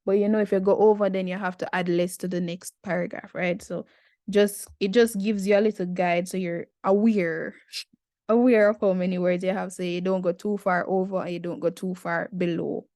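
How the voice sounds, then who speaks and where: A woman's voice: on the low side, flat delivery, moderate pace, dark tone, no echo, studio quality. A Jamaican woman in her twenties, talking through an essay in a casual, chatty tutorial with slangy asides. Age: 20s.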